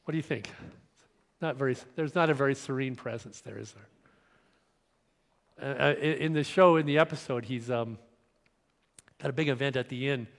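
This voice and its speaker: A man's voice: mid-range voice, moderate pace, vocal fry, long pauses. A man preaching a sermon in a church, getting over a cold with an occasional cough, talking conversationally with restarts and questions to the congregation. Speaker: pastor. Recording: long reverb of a church hall.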